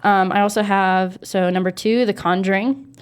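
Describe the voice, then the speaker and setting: A young woman co-hosting a casual chat about what scares her. She talks in an animated, slightly anxious way and fills the gaps with "like" and "you know". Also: mid-range voice, normal speed, smooth. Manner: animated, easily spooked, frequent fillers. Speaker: co-host.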